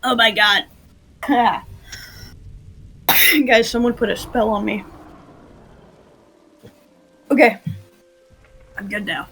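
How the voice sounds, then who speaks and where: At medium pitch and a little bright, this training host's voice comes with slight hiss or hum. She runs a group roleplay session, giggly and laughing frequently through her instructions, interrupted by coughing fits.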